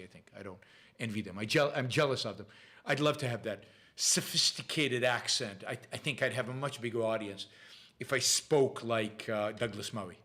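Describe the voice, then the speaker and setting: His voice is bright and forceful, pitched in the middle range, with a noticeable accent. He runs a casual live Q&A, reading questions from viewers and answering them amid frequent restarts and filler words.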